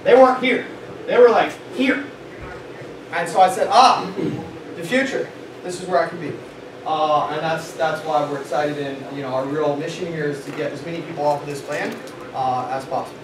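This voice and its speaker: High-voiced man leading a sales meeting. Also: brisk. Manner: animated, quizzes the audience. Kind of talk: motivational talk to a live audience. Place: meeting room with audience. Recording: echoey room, far from mic, noisy.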